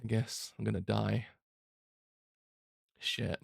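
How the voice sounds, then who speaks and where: A man's voice: on the low side, level tone, slow pace, gravelly, husky, no echo, clean studio sound. A man reacting emotionally to a manga he reads, swearing often and laughing between lines.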